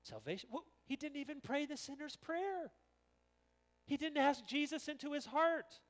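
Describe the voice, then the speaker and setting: A man preaching a sermon as pastor, animated and acting out the voices he quotes. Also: very high-pitched, moderate pace. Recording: long reverb of a large hall.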